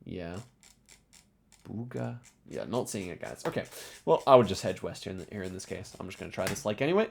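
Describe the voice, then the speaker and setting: Gravelly low-voiced man thinking aloud. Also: big pitch swings, brisk, slight background noise. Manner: thinks aloud, explaining clues with frequent hedges and restarts. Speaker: game commentator. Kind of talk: casual gameplay commentary.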